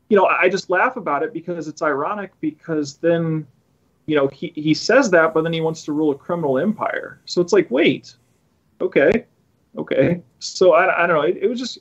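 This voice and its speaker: Rambling through a casual podcast chat, the host throws in sarcastic remarks and restarts his sentences many times. His voice is a little high, and the audio is dull.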